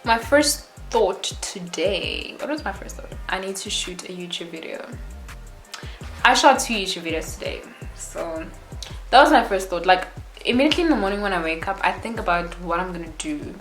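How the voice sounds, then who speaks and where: A woman's voice: medium pitch, normal speed, echoey room, faint music behind. Chatty young woman vlogging. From South Africa. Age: young adult. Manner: chatty, rambling, animated, frequent "like" and "yo". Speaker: YouTuber. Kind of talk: casual chat to camera.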